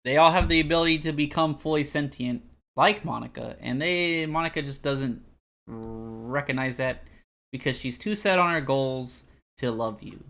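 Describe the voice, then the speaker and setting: Speaking at a normal pace in a gravelly, mid-range voice, a young man livestreams a game. His commentary is rambling, animated and self-deprecating, and he reads the in-game text aloud.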